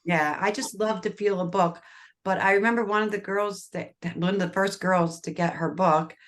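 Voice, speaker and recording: A woman's voice: mid-range voice, normal speed. A middle-aged woman hosting a podcast, chatting enthusiastically and rambling with casual swearing. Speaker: podcast host.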